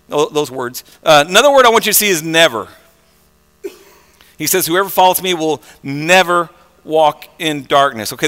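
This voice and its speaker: A pastor preaching a conversational sermon, repeating words and swinging between soft and loud passages. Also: male voice, on the high side, in a large hall.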